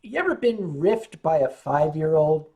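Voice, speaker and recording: A man's voice: a little high, very animated, a little slow, darkish tone. Casting: tipsy male streamer, wry, rambling, reads chat aloud. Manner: wry, joking, rambling storyteller. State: tipsy from wine. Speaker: livestream host reading chat. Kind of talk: casual chat on a livestream.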